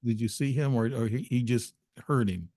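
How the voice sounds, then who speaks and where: A man hosting a casual interview on a video call, asking quick follow-up questions. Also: medium pitch, warm tone, dry recording, clean studio sound. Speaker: host.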